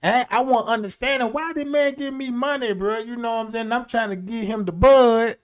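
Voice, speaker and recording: Man streamer, high voice, casual profane storytelling, loose and rambling. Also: fairly quick, smooth. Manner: rambling, profane, laughs often.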